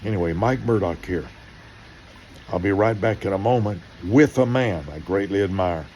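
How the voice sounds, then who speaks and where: An older pastor with a low voice tells stories in sermon style. He acts out the dialogue with animation and swings between loud bursts and hushed asides. A faint hum sits under the recording. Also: normal speed.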